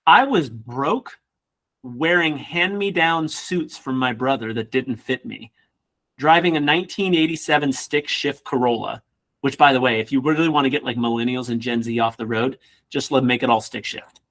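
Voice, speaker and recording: A man who works as a real estate coach, giving an energetic motivational class with casual joking asides. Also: medium pitch, normal speed. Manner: energetic, acts out quoted people in voices.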